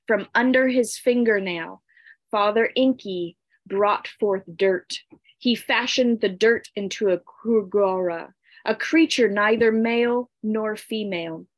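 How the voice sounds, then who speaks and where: A woman narrating an ancient myth in a deliberate, solemn storytelling style. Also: medium pitch, no room sound.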